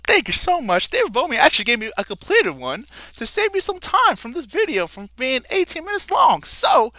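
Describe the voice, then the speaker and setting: A man's voice: high voice, pushed and bright, no echo, exaggerated voice. A man voicing a folksy, cheerful frontiersman guest in a math video, hammy and chatty with the listeners.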